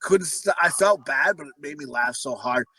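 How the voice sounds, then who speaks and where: A man's voice: fairly high pitch, animated, moderate pace, pushed and bright, breathy edge, no room sound, poor audio. A man co-hosting a podcast, telling crude stories in a casual, laughing way and acting out the voices. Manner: crude, laughing storyteller who acts out voices. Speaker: podcast co-host. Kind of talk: casual comedic chat.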